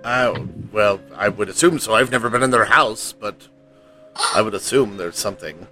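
A man's voice: on the low side, moderate pace, sharp tone, faint music behind, voice pushed down. A man voicing a hesitant, formal townsman who stammers politely while dodging questions. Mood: evasive.

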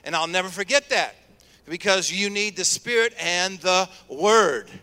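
A male pastor preaches with energy and keeps drawing call-and-response from his congregation. His voice sits high and sounds bright and forceful. The sound rings with long reverb in a church sanctuary. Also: unhurried, clean tone. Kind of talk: sermon.

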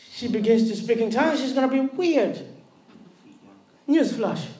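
A woman from Africa preaching a sermon, animated and laughing, often asking the congregation if they follow her. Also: high-pitched, echoey room.

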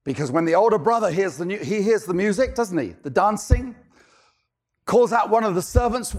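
A man's voice: high-pitched, expressive, normal speed, a little mellow. A male pastor preaching a sermon, firing off rhetorical questions and repeating key lines for emphasis.

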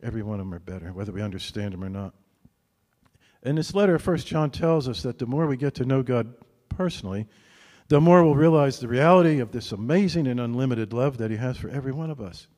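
The sermon comes from a male pastor of medium pitch, his voice filling a large hall. He keeps things casual and conversational, repeatedly looking for agreement with a quick "right?".

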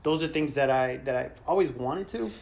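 A man's voice: mid-range voice, a little fast, a little mellow. A man hosting a podcast, chatting casually and teasing his guest with plenty of swearing. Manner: easygoing, profane, teasing. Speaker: podcast host. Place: friend's home.

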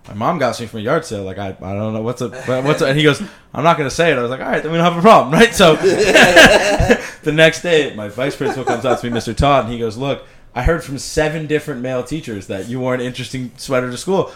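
Podcast host, man in his 20s from Canada, quick, animated storyteller who swears freely. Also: medium pitch.

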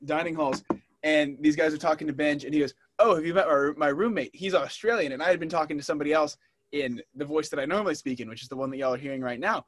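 A man's voice: a little high, steady tone, very fast. A young man co-hosting a podcast in casual chat, telling stories and laughing easily. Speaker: podcast co-host.

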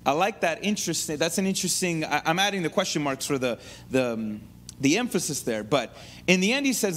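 High-pitched guy preaching, really lively, talks to the room, keeps restarting. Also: fairly quick, a little hiss or hum. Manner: conversational, animated teaching with asides and restarts. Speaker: pastor. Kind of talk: sermon.

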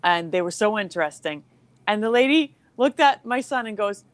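A woman's voice: mid-range voice, moderate pace, no room sound. Giggly rambling woman comedian. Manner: giggly, rambling, animated storytelling. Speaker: comedian guest. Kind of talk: casual podcast chat.

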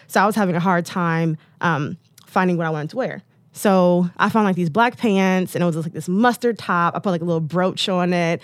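A woman's voice: on the low side, brisk, no room sound. Female guest, 30s, from the US, candid storyteller, chatty with frequent fillers, close dry mic. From United States. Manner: chatty, many "like"s and "um"s, acts out quotes.

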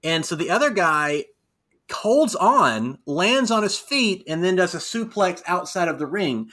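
A man in his thirties co-hosting a casual wrestling chat, animated and rambling with fillers. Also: high voice, unhurried. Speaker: podcast co-host.

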